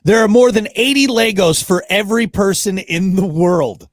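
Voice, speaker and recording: A man's voice: high voice, normal speed, dry recording, studio quality. A middle-aged man co-hosting a podcast in casual chat, rambling and trailing off, often laughing. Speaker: podcast co-host.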